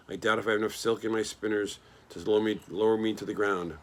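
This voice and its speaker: A man voicing a calm, wise female spider who speaks gently and measuredly. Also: lowish voice, quick pace, natural voice. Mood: tender.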